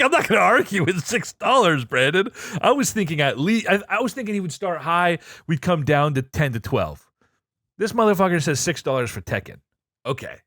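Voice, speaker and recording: Man, podcast co-host, animated storyteller, lively pitch, profane, dry sound. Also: dry recording. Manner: excitable, profane, swings between low asides and loud outbursts.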